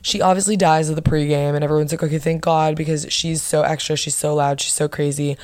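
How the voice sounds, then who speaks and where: A young woman hosting her own podcast, chatting casually and bluntly with lots of swearing and animated bursts of emphasis. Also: deep voice, fast. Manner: blunt, profane, gossipy. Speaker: podcast host. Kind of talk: casual solo podcast chat.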